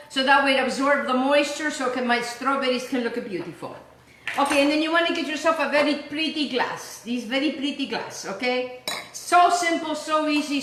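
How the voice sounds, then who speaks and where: A chatty woman walks viewers through a recipe in her home kitchen, her high voice ringing bright. She keeps checking in with them, and the sound bounces around an echoey room. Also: a little hiss or hum. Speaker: cooking show host. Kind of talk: casual cooking demonstration.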